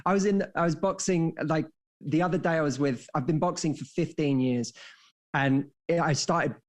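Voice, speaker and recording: A man's voice: a little high, moderate pace. A man in his thirties, a dating coach on a podcast, explaining ideas through stories and acting out quoted dialogue. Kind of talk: casual podcast conversation.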